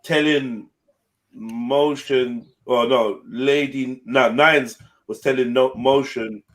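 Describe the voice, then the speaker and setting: A man hosting a casual panel chat, slangy and animated, with quick swings in loudness. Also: medium pitch.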